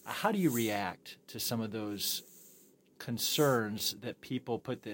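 A man's voice: on the low side, lively intonation, slow pace, a bit bright, a little hiss or hum. A man co-hosting a church podcast after a sermon, affirming his guest with enthusiasm and asking him questions. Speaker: podcast co-host. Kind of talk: post-sermon podcast discussion.

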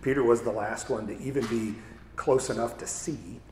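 A man's voice: mid-range voice, fairly even intonation, moderate pace, a little mellow, slight background noise. A man preaching a conversational sermon, often asking "right?" and restarting his words. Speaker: pastor. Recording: echoey hall with faint ambience.

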